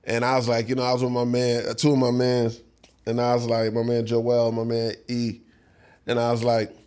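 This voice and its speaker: In a casual interview, a middle-aged songwriter guest tells his story at normal speed in a monotone, middle-range voice that's darkish, clear, and resonant. He laughs often, acts out what people said, and speaks loose and easy as though reliving it.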